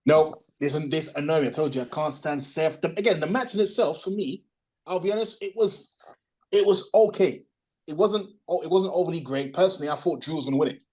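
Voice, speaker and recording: Male co-host, opinionated, rambling, fairly high voice. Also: a little fast, darkish tone, poor audio. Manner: opinionated, rambling, searches for words. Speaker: podcast co-host. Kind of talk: casual wrestling opinion chat. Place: resting at home.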